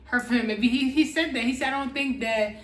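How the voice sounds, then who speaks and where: Laughing woman with a higher voice, echoey room. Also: fairly quick. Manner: laughing, talks straight to viewers. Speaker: co-host of a couple's reaction channel. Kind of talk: casual reality-show recap chat.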